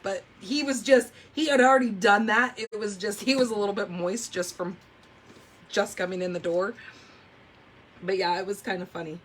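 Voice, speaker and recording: A talkative woman hosts a live papercraft class from her craft table at home. Her voice is mid-pitched and casual, full of "like" and "oh my gosh" as she tells stories. Faint background noise sits under her voice. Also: moderate pace. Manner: chatty, animated storyteller, says "oh my gosh" and "like" a lot. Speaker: papercraft livestream host. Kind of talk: casual chat while demonstrating card making.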